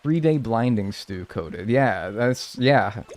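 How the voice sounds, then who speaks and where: A man's voice: medium pitch, expressive, takes it slowly, darkish tone. A man streaming live, chatting casually and joking as he reads and answers his chat.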